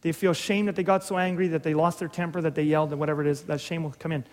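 High-voiced man preaching in a reverberant hall. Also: flat delivery, racing. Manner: conversational storytelling with restarts and humor. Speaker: pastor. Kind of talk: sermon.

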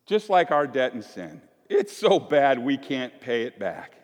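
The man speaking is a pastor with a medium-pitched, very animated but unhurried voice. He gives his congregation a chatty, joke-filled sermon in the sanctuary, acting out little scenes, and the church hall sounds echoey.

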